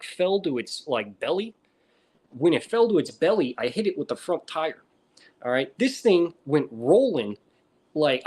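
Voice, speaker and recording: An American man in casual chat, swearing constantly and telling stories with animated energy. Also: a little high. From United States. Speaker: reptile breeder streamer.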